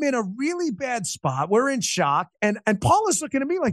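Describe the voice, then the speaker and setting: A man guesting on an interview show, telling a personal story in an animated, emphatic way with quick restarts. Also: very high-pitched, no echo, clean studio sound. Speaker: podcast host and interview guest.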